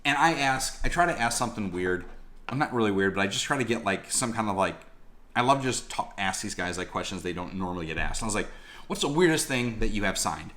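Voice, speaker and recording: A man telling casual vlog stories in a slangy, animated way, swearing freely. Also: lowish voice, fast talker, slight background noise. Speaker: collectibles vlogger.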